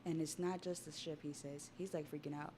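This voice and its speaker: A young woman streamer tells a story on a casual livestream, chattering excitably and swearing offhandedly. Her slightly low voice moves briskly and is captured on a desktop mic, with slight background noise.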